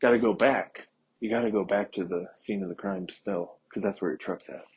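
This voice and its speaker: A young man rambles through a story, laid-back and swearing often. His voice sits fairly low, with a gravelly, husky texture. He talks like a podcast host in a casual monologue. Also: normal speed, darkish tone.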